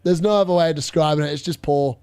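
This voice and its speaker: A young man hosting a live fantasy football watchalong, chatty and excitable as he reacts to scores. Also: on the high side, fast talker, clean tone, no echo, studio quality. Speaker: fantasy football livestream host.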